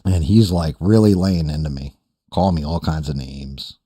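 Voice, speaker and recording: With a rumbling low, warm, husky voice at a moderate pace, a man hosts a podcast in studio quality without echo. His casual storytelling wanders through a lengthy profane tale full of quoted voices.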